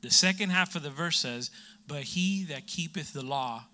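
A man's voice: on the high side, normal speed, sharp tone. A middle-aged man preaching a sermon in a conversational way, with humor and asides to the congregation.

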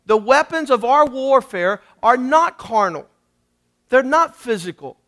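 A male pastor delivers an emphatic sermon in a strikingly high voice. He calls on the congregation to repeat after him and swings between loud emphasis and quiet asides. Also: lively intonation, unhurried. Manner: emphatic preaching with congregation call-and-response.

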